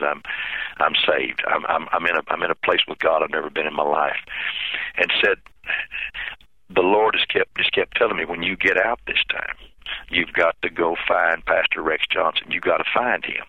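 A man speaks in a very low, gravelly voice, halting and repeating himself as he tells a heartfelt story. His voice comes through a dry, tinny phone line. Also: no room sound. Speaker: pastor. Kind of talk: telling a personal story in an interview.

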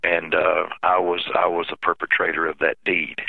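A man speaks in a very low, gravelly voice, halting and repeating himself as he tells a heartfelt story. His voice comes through a dry, tinny phone line. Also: flat delivery, no room sound. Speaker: pastor. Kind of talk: telling a personal story in an interview.

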